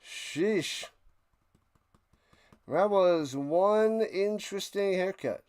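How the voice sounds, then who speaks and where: Calling American football plays on his live stream, this host keeps drifting into jokey, rambling tangents. He speaks very slowly in a high voice that is clear, resonant and a touch mellow.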